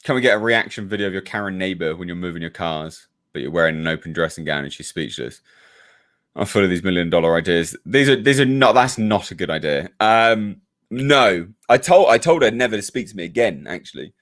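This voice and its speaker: Hosting a live hangout, a YouTube reviewer from the United Kingdom reads out viewer comments and launches into a profane rant about his neighbour. His British English voice sits low and sounds fairly bright, animated and brisk.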